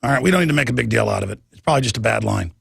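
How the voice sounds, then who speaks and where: A man hosting a talk radio show, excitable and stammering through restarts. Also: medium pitch, very fast, gravelly, slightly rough.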